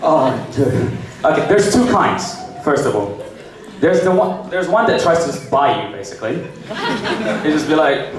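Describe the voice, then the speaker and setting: Animated man doing stand-up in an echoey club. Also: on the high side, normal speed, crowd noise. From New Zealand. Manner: animated, switches into exaggerated character voices for jokes. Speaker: stand-up comedian. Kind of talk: stand-up comedy set. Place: comedy club stage with a laughing audience. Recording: echoey club recording from far off.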